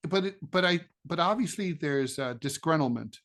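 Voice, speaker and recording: A middle-aged American man with a fairly high, fairly bright voice speaks at a moderate pace and sounds animated. He co-hosts a political podcast and is also a political cartoonist, keeping the political talk casual, chatty and sardonic, with lots of fillers and restarts.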